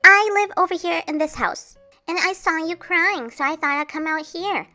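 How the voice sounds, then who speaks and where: A woman's voice: very high voice, normal speed, pushed and bright, soft background music. Woman doing a kind, cheerful girl doll. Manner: soothing, reassuring.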